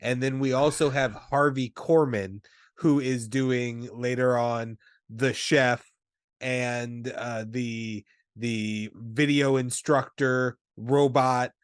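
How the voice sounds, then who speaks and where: A man in casual podcast talk about a film, relaxed and rambling, often trailing off into quiet asides. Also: mid-range voice, slow pace, smooth, no room sound, studio quality. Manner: relaxed, rambling, many fillers and restarts, drops to quieter asides. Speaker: podcast co-host. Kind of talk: casual movie discussion.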